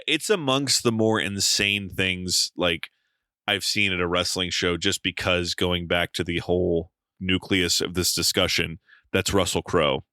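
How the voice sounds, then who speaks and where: A man co-hosting a podcast, telling an animated story in casual chat, swearing freely and using lots of fillers. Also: low-pitched, smooth, dry recording. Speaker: podcast co-host.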